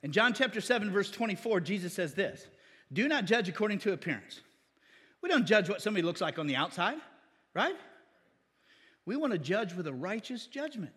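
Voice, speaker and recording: A man's voice: high voice, big pitch swings, fairly quick, pauses often, fairly bright tone, slightly rough, in a large hall. A man preaching as pastor, often calling for an amen from the congregation. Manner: call-and-response asking amen. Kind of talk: sermon.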